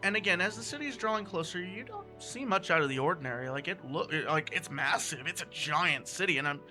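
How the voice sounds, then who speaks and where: A man narrates a tabletop game as its game master, describing scenes and correcting himself as he goes. His voice is sharp and bright, pitched a little high. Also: lively intonation, fast, soft background music. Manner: descriptive with frequent self-corrections.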